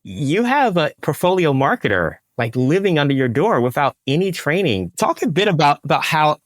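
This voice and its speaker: A man's voice: on the high side, very animated, normal speed, no room sound, clean studio sound. A man hosting an interview podcast, asking questions and encouraging his guest with brief replies. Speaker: podcast host. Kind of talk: casual interview.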